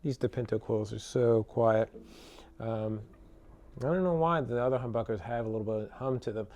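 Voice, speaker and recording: A man who builds guitars, casually demoing one in a relaxed, chatty way with lots of fillers and tag questions, electric guitar playing between his remarks. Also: mid-range voice, normal speed. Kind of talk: casual product demo talk.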